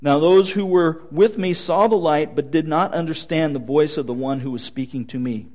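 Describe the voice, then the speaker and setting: Higher-voiced pastor telling stories. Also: male voice, normal speed, darkish tone. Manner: storytelling with light humor. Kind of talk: sermon.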